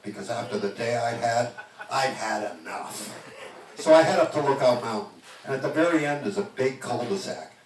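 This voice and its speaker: A man reading aloud from his own new book at a live bookstore event, telling the story in a jokey, animated way. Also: mid-range voice, a little hiss or hum. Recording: distant, echoey live reading.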